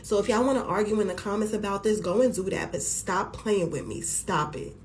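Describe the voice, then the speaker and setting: A woman's voice: mid-range voice, a little fast, a little hiss or hum. A woman from the United States, ranting to camera in an emphatic, exasperated way. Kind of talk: vlog rant to camera.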